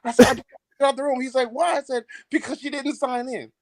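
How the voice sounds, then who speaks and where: A man's voice: very high voice, steady tone, brisk, no room sound. A man telling a long, profane story in casual podcast chat, laughing as he goes.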